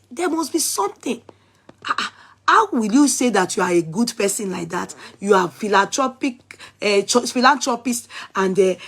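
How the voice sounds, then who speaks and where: A Nigerian woman vlogger giving animated, scolding commentary, repeating her points and calling out viewers. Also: fairly high pitch, husky. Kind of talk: casual commentary.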